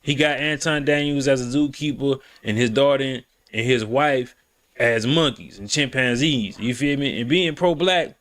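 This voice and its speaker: A man in a casual commentary chat, reasoning things out in a measured, drawn-out way and checking in with "you feel me". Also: mid-range voice, a bit bright.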